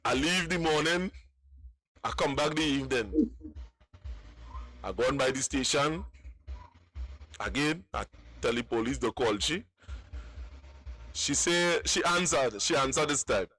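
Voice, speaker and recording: A man's voice: a little high, unhurried, pauses often, pushed and bright. A man, calling in to tell a long personal story, rambling and repeating words. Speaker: caller.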